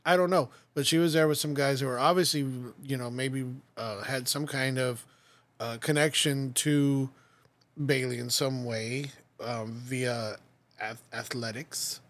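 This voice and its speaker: A man's voice: mid-range voice, fairly even intonation, a little slow, a bit bright. A man co-hosting a wrestling podcast, telling a rambling story full of fillers, restarts and swearing in casual chat. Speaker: podcast co-host.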